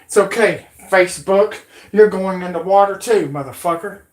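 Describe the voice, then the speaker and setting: A woman's voice: medium pitch, normal speed, darkish tone. A woman hosting her own channel, delivering an aggressive, profane, threatening rant. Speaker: channel host. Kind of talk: angry rant. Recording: roomy echo.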